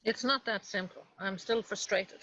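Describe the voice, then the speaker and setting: A woman taking part in an online coaching session, talking in a halting, hesitant way. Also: mid-range voice, steady tone, bright, forceful tone, slight background noise, poor audio. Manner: hesitant, halting, searching for words. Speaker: coaching participant. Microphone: video call.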